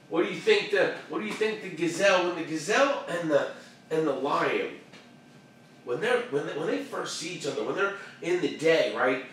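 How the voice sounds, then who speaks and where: A man's voice: on the high side, a little hiss or hum. Guy host doing a hyped motivational rant, lots of slang, echoey room, kinda far from the mic. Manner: animated, preachy, streetwise slang, repeats phrases for emphasis. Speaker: show host. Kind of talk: motivational talk show rant.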